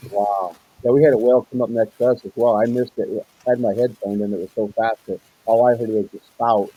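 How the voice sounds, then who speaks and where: A man's voice: lowish voice, fairly even intonation, fairly quick, breathy edge, highs cut off. A man hosting a casual interview, talking loosely and rambling, with lots of fillers and agreeing noises. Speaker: host.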